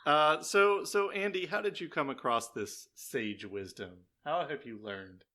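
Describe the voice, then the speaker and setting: A man's voice: a little high, measured pace, bright, forceful tone. A man co-hosting a casual podcast chat, joking and teasing the others. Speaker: podcast co-host.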